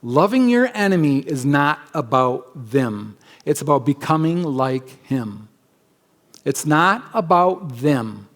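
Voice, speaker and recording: Emphatic higher-voiced male pastor. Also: sing-song, slow pace. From United States. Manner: conversational, emphatic preaching with acted-out asides. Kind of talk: sermon. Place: church sanctuary.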